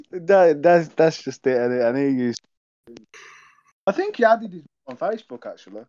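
A young man, a childhood friend appearing as a guest, swaps school stories in casual conversation, swearing freely and acting out the voices of people he quotes. His voice is fairly high with big pitch swings, a little slow, and darkish in tone, on a dull lo-fi recording.

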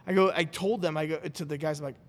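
A man hosting a podcast, telling a story in a rambling, animated way and acting out what people said. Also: on the high side, fast talker. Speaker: podcast host. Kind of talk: casual storytelling chat. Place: studio.

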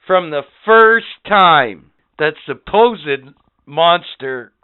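A man hosting a podcast in profane, rambling casual chat, swinging between loud and quiet. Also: fairly high pitch, animated, drawn-out words, smooth. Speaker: podcast host. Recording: phone-like lo-fi audio.

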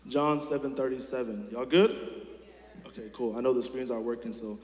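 Speaking fairly quickly in a medium-pitched, darkish voice, a man delivers a relaxed sermon, putting questions straight to the congregation amid plenty of fillers and restarts. The setting is a church hall whose echo has a long reverb.

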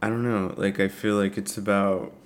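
A man's voice: lowish voice, level tone, moderate pace, slight background noise. A man co-hosting a podcast, chatting casually about music with hesitant, laughing, self-correcting talk. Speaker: podcast co-host.

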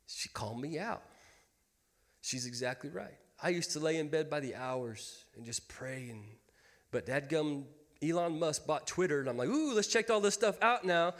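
A man in his thirties preaches to his church in a high, light voice, folksy and quick to joke with the congregation. His words ring out with a long hall reverb around them. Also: expressive. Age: 30s. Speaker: pastor. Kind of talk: sermon. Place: church sanctuary.

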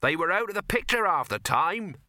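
A man voicing a complaining male camera operator in an audiobook, grumbling in a raised pitch. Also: sing-song, brisk, pushed and bright, no room sound, studio quality, heavily acted.

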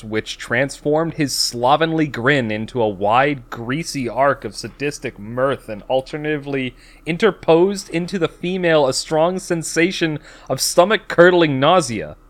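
A young man reading overwrought fiction aloud for laughs. He reads slowly and deliberately, restarting and stumbling over words. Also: mid-range voice, a bit bright.

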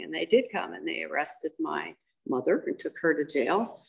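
An older woman with a gravelly, fried edge to her voice and a lowish pitch. She is blunt and candid, telling her life story in an interview, dotted with ums and acted-out quotes. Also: normal speed, low-quality recording.

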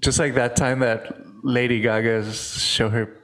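Casting: male podcast co-host, mid-pitched voice, stop-start storytelling. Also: flat delivery. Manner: halting, restarts, laughs at own stories. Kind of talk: casual comedic chat.

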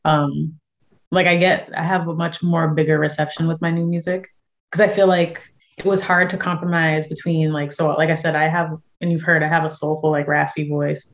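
A chatty young woman from San Diego talks through her music in a relaxed interview. Her speaking voice sits low, and she leans on fillers and quick laughs as she goes. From San Diego, USA. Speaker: guest musician and actress. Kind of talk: casual interview chat.

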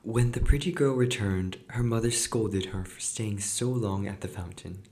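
A man narrating an old fairy tale for his podcast, in a low voice. His reading is measured and steady. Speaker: podcast host and reader. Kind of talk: storybook reading.

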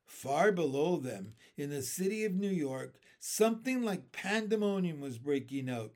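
A man reading a children's book aloud, lively and switching his tone for the characters' lines. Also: a little high, a little slow, vocal fry, few pauses. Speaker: reader.

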